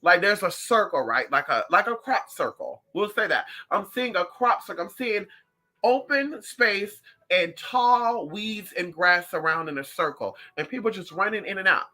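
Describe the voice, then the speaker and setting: A psychic vlogger chatting casually to viewers, sassy and animated, calling them honey and girl. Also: normal speed. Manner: animated, swings up and down in pitch.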